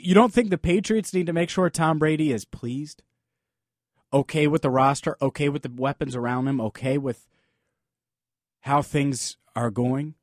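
Guy hosting a sports podcast, kinda high voice, super dry close mic, really opinionated and punchy. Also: dry recording. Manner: emphatic, opinionated, with rhetorical questions. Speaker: podcast host. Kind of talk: sports talk podcast monologue.

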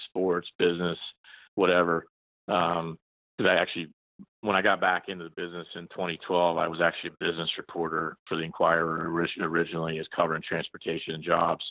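A man's voice: low-pitched, no room sound. A man in his forties, a journalist guest, chatting in a rambling way with many restarts and fillers. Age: 40s. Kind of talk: casual interview chat. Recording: tinny phone line, dry.

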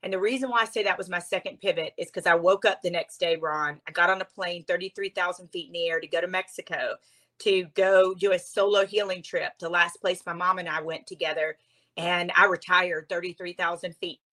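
A woman's voice: lowish voice, a little fast. Heartfelt woman telling her story. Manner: heartfelt, animated, near tears at times. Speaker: interview guest, speaker. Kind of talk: emotional storytelling interview.

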